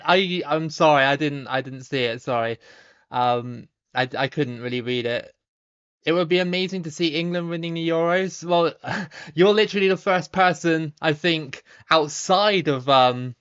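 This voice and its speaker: A man in his thirties with a Somerset accent, chatting casually on a live stream while reading viewer comments, relaxed, with lots of ums and restarts. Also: a little high, clear, resonant tone, muffled recording. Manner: relaxed, chatty, frequent ums and repeated starts, laughs easily.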